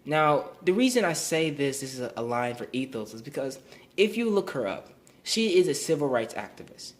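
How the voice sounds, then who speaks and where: A man's voice: medium pitch, sing-song, normal speed. A young man giving a recorded class presentation, earnest and explanatory, often restarting and repeating words. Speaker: student presenter.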